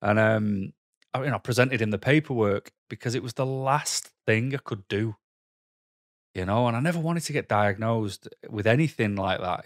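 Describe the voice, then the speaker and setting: Man vlogging, lowish voice, dry close sound; candid, halting, worked up. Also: no room sound. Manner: candid, halting, heavy with "you know" fillers; frustrated, heated. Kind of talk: personal storytelling to camera.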